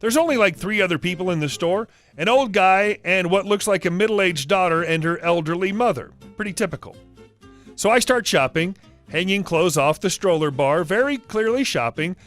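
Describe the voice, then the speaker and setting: Lively, high-voiced man reading stories. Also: normal speed. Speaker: story narrator. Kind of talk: reading online stories aloud. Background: soft guitar music.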